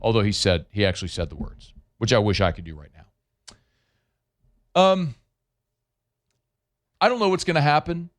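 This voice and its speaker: A middle-aged man hosting a sports talk radio show from a studio, talking in an animated, emphatic way that swings up and down. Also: fairly low pitch, measured pace, long pauses.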